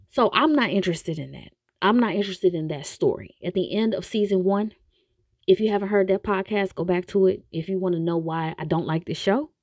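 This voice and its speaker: A woman's voice: lowish voice, warm tone, no room sound. A woman hosting a podcast, ranting bluntly and with exasperation in casual opinionated commentary. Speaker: podcast host reviewing a TV series.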